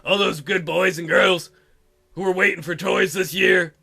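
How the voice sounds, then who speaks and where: A man's voice: sits high, steady tone, unhurried, gravelly, pushed and bright, breathy edge, soft background music, pitched below the performer's own voice, full character voice. A man voicing a clumsy, tearful young woman Santa in a visual novel, wailing and full of self-pity. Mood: despairing. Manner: sobbing, wailing and self-pitying. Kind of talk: reading a visual novel aloud.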